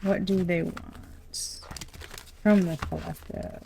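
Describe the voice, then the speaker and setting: A woman's voice: fairly low pitch, fairly even intonation, slow pace, vocal fry, dark tone, slight background noise. A young adult woman doing a casual tarot reading, chatty and blunt, swearing and laughing often. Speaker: tarot reader.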